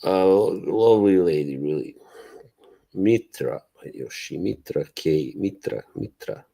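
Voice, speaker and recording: Slow, deep-voiced man chatting on stream. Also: expressive, vocal fry, mellow. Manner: rambling, swears often, laughs a lot; greets and answers chat viewers. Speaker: livestream host. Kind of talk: casual live stream chat.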